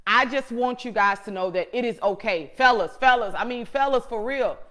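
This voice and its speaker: A middle-aged woman hosts her own show and speaks straight to her viewers with a fervent, preacherly delivery. Her voice sits fairly high. She drives points home by repeating phrases, and she drops to a near-hush before swelling back to loud emphasis. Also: moderate pace. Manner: shifts between soft hushed moments and loud emphatic ones. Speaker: show host. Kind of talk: motivational talk to viewers.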